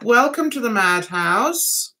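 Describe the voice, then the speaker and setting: A woman's voice: fairly high pitch, expressive, slow pace, sharp tone, slight background noise. A woman from England hosting a casual livestream chat, reading out viewer comments and giggling often. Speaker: livestream host.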